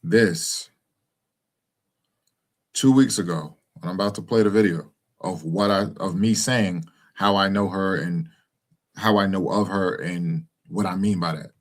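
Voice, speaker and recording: Very deep-voiced man rambling casually. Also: a little slow. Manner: rambling, with many fillers and restarts. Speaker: commentator speaking to his followers. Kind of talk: casual monologue to camera.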